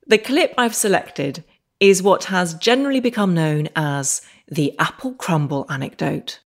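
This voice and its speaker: Woman, podcast host, low voice, reflective narration, dry humour. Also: animated, unhurried.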